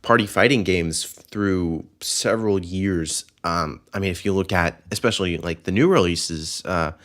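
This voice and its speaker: A man's voice: low voice, a little slow, fairly bright tone. A young man hosting a casual podcast, rambling with lots of fillers and frequent laughter. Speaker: podcast host.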